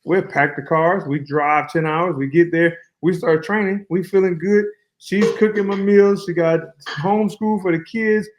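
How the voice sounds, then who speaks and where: A man speaking as a guest fighter in a casual interview, relaxed and colloquial, telling long flowing stories over a remote call. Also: high-pitched, normal speed, hardly any pauses, noisy background.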